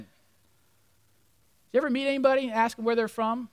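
A middle-aged male pastor preaching a sermon, animated, acting out voices and dropping to near-whispers for emphasis. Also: extremely high pitch, quick pace, smooth, no echo. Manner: animated, acts out voices of crowd and Jesus, drops to near-whisper.

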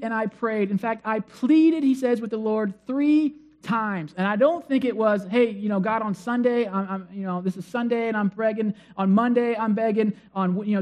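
A pastor delivering a sermon in a church, voice pitched in the middle range. The delivery is emphatic and repetitive, swinging from quiet, confiding asides to loud pleading passages. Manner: emphatic, repetitive preaching with big swings in loudness. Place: church before a congregation.

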